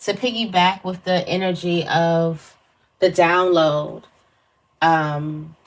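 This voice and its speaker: Casual female tarot reader with a lower voice, musing aloud in a loose, rambling way. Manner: meandering, thinks aloud with fillers and restarts. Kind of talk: casual spiritual reading to camera.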